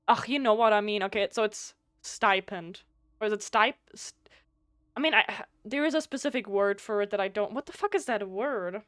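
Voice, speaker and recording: A woman whose first language is German, streaming a game live, reading its text aloud and thinking out loud, often stumbling over words and restarting. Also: medium pitch, normal speed, no room sound, studio quality.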